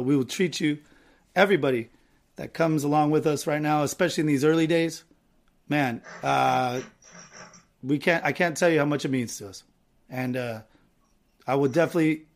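Rambling, joking podcast host. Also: male voice, fairly high pitch. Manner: rambling, joking, full of fillers. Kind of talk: casual chat.

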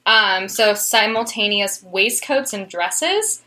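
A woman's voice: mid-range voice, expressive, slow pace, bright, forceful tone. A woman in casual conversation, enthusiastically explaining an artist's work with many fillers and restarts. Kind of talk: casual chat about art history.

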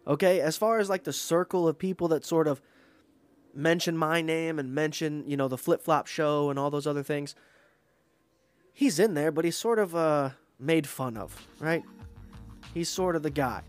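Ranting man, pitch a touch high. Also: normal speed, no echo, faint music behind. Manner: profane, animated ranting with mocking impressions. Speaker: podcast host. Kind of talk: casual rant.

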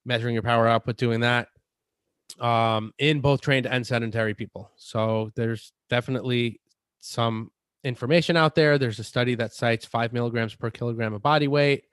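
A man's voice: mid-range voice, steady tone, normal speed, a bit bright, smooth, dry recording, studio quality. A man co-hosting a fitness podcast, explaining supplement advice in a casual chat and often restarting his sentences.

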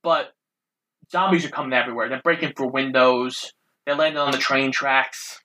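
A man's voice: mid-range voice, steady tone, normal speed, sharp tone, slight background noise, rough recording. A man co-hosting a casual podcast, walking through a movie's plot point by point and swearing casually. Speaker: podcast co-host. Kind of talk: casual movie recap chat.

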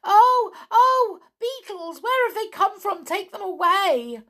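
A woman voicing a naughty, boastful girl doll in a storybook reading, with a bright, gleeful manner. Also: medium pitch, sing-song, slow, pitched above the performer's own voice, exaggerated voice. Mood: terrified.

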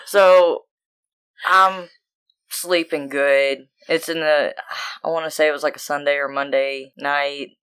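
A woman co-hosting a podcast, telling animated, profane stories in casual chat. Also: low-pitched, slow pace, clean tone. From United States. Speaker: podcast co-host.

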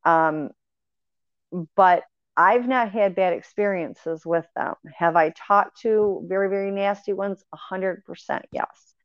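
A woman's voice: mid-range voice, slow, clear, resonant tone, no echo. A woman telling her paranormal experiences in an earnest, rambling way, with fillers and restarts. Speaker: guest sharing paranormal experiences. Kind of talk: casual conversational storytelling. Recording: dry, dull lo-fi audio.

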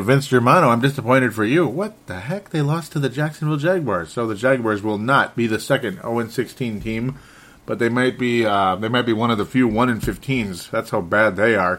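A man's voice: mid-range voice, a bit bright. A man hosting a solo sports talk show, sounding frustrated and rambling, often stumbling and correcting himself. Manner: restarts and self-corrections. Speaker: sports podcast host.

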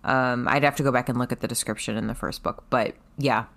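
A woman's voice: a bass voice, steady tone, a little fast, creaky, fairly bright tone. A woman co-hosting a casual chat, making dry, wry asides. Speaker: podcast co-host.

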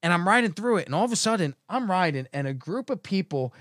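Brief: middle-aged man, notably high pitch, dead-dry sound, excitable storyteller. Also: quick pace, no room sound. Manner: rambling, excitable, swears. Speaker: podcast co-host. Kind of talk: casual storytelling chat.

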